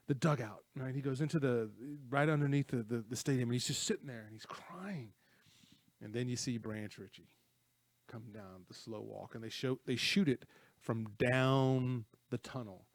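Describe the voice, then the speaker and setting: Male co-host, lively scene-by-scene storyteller, dry close-miked voice. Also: medium pitch, moderate pace, dry recording. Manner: animated storyteller, retells scenes with acted quotes. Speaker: co-host of a movie talk show. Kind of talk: casual movie chat.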